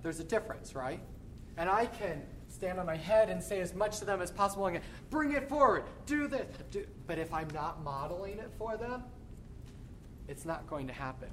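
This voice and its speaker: A man who is a choir director, teaching a choral workshop in an animated way and breaking into sung demonstrations. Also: sits high, fairly quick, a little hiss or hum. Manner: animated, demonstrates by singing phrases.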